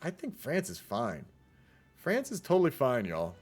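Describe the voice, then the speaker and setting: A young man, talking through a multiplayer strategy match as its caster. His delivery is casual and rambling, full of asides and "y'all." His voice sits in a middle pitch over soft background music. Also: wildly swooping pitch, unhurried, husky. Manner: chatty, rambling, says "y'all". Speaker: game caster. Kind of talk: casual multiplayer game commentary.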